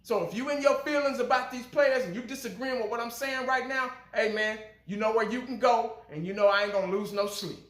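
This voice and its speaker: A man's voice: very high voice, fairly quick, few pauses, a bit bright, roomy sound. Fired-up blunt man. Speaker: fan channel host. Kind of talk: casual fan commentary.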